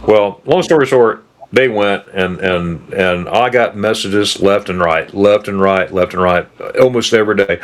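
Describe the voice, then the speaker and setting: A man's voice: on the low side, measured pace, few pauses. A man in his fifties from the United States, hosting a travel channel and telling stories in a rambling, casual way with many restarts and asides. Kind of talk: casual chat.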